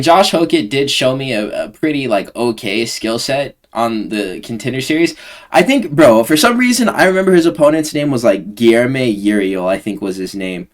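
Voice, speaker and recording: Young man, host, fight predictions, slangy, sarcastic, rambling, mid-pitched voice. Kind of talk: casual fight prediction commentary.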